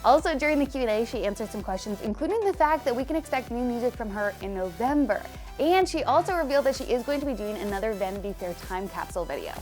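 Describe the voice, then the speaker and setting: A woman's voice: fairly high pitch, animated, fast, a little mellow, faint music behind. A young adult woman hosting an entertainment news show, presenting stories in a chatty, breezy way with personal asides. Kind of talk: upbeat scripted news presenting.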